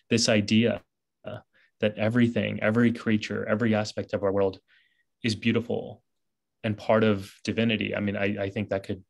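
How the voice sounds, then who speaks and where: A man's voice: fairly low pitch, gravelly. A man being interviewed as an author, talking in an earnest, reflective way and often restarting his phrases. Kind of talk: conversational interview.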